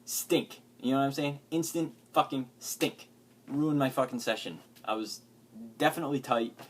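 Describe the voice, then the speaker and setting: A man's voice: medium pitch, moderate pace. A man vlogging, ranting agitatedly with heavy swearing and lots of filler words. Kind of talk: profane ranting vlog.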